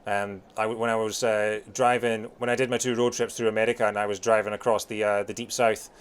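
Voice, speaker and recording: A man in his thirties with a softened Scottish accent, chatting casually with viewers while streaming a game, rambling with many fillers. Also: fairly low pitch, level tone, fairly quick, smooth. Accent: Scottish, softened by years in England. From Scotland.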